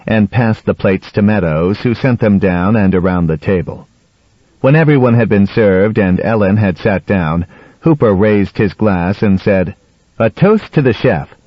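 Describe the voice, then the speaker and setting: Brief: steady male audiobook narrator, low voice, dull dry sound. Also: no room sound. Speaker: audiobook reader. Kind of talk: scripted narration.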